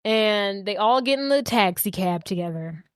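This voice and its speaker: A woman's voice: mid-range voice, expressive, moderate pace, clear, resonant tone, dry recording, clean studio sound. A woman co-hosting a podcast, chatting casually and joking as she recaps a movie. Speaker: podcast co-host.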